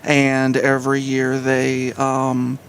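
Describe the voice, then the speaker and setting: A man who owns a business, chatting as a guest in a relaxed, modest way. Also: mid-range voice, takes it slowly, a little hiss or hum. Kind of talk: casual chat.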